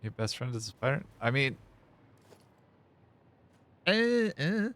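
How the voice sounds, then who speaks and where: A man livestreams a game, chatting casually with viewers, reading their messages aloud, and whining in a playful, mock-dramatic way. His voice is medium-pitched, steady and a bit bright, and he talks quickly.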